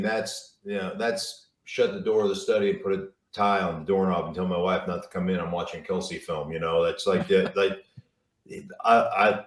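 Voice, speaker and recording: A middle-aged man with a low voice tells football stories in a relaxed, rambling way, full of restarts and fillers. He sounds set back from the mic, with a roomy echo around him. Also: distant mic. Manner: rambling, repeats words, lots of fillers. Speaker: TV football analyst, guest. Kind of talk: casual storytelling interview.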